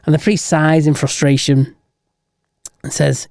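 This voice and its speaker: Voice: mid-range voice, unhurried, vocal fry, dry recording. Dry, close-miked podcast joke-teller. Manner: animated storyteller, laughs at own jokes. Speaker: podcast co-host. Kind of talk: casual joke-telling chat.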